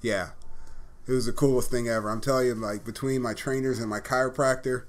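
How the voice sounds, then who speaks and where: Man telling animated football stories. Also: medium pitch, brisk. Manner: animated anecdotes, acts out quoted voices. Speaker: interview guest, former pro football player. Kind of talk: casual storytelling interview.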